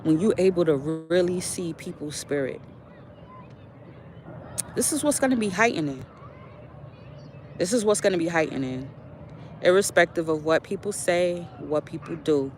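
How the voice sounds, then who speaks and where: A woman's voice: low-pitched, slight background noise. A young adult woman, a spiritual vlogger, telling a story in a casual monologue with lots of fillers and preachy asides while out on a walk.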